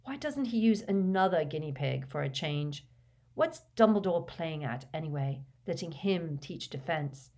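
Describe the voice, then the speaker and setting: A woman's voice: deep voice, expressive, measured pace, a little mellow. A woman voicing a fuming teenage boy wizard in an audiobook reading, speaking in a heated, indignant way.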